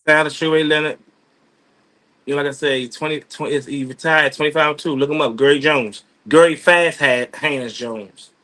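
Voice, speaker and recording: A man's voice: on the high side, fairly even intonation, bright, forceful tone. Rambling, slangy man on a call. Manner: rambling, loose street slang, halting restarts. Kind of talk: casual chat. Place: office at work.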